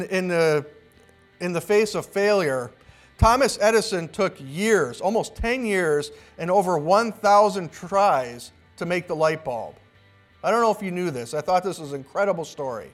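High-voiced man preaching a sermon. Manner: storytelling with acted-out quotes and restarts. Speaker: pastor.

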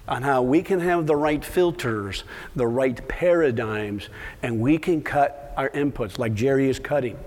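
A man's voice: mid-range voice, darkish tone. A middle-aged man, a conservation agronomist, giving a passionate, emphatic conference talk and telling a story. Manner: passionate, emphatic, repeats words for stress. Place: conference hall. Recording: long hall reverb from a live talk.

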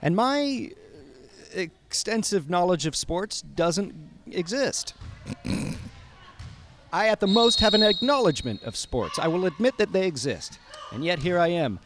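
High, lively deadpan male commentator. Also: a little slow, a little hiss or hum. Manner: dry, mock-serious announcer delivery. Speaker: play-by-play commentator. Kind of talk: deadpan comedic sports commentary. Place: community gym, courtside.

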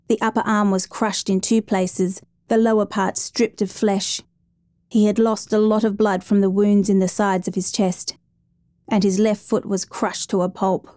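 A woman reading a dramatic true story as a steady, measured narrator. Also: mid-range voice, no echo.

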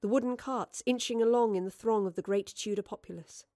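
A woman narrates a story with lively expression. She reads into a close microphone. The sound is dry, with no room echo. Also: fairly high pitch, brisk. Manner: expressive, animated character reading. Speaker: audiobook narrator. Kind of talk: scripted narration.

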